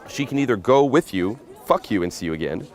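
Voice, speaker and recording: A man's voice: medium pitch, lively intonation, brisk, some chatter behind. A man from America giving casual dating coaching outdoors on a city street, blunt and profane, often checking "okay?".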